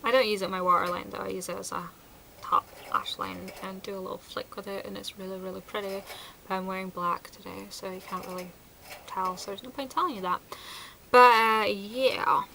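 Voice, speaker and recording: A woman's voice: mid-range voice, fairly even intonation, a little fast, gravelly, sharp tone, a little hiss or hum, rough recording. A woman chatting casually through a product review, enthusiastic and sprinkled with fillers. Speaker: beauty vlogger.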